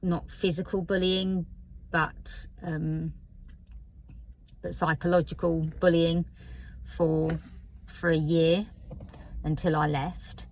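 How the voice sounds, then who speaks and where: A woman in her fifties with an Essex accent talks slowly and openly to the camera, pausing often and filling gaps with soft fillers. Her voice sits on the lower side, and a faint nervousness runs under her unhurried, reflective delivery. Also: level tone, poor audio. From Essex, England. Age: 50s. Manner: hesitant, candid, many pauses and fillers. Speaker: vlogger. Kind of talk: personal reflective vlog.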